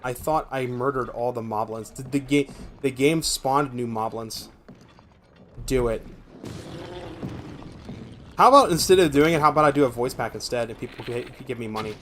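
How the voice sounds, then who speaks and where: A young man with a gravelly voice, streaming a game from home and chatting in a rambling, profane way. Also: mid-range voice, normal speed, pauses often, fairly bright tone, slight background noise. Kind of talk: casual gameplay chat.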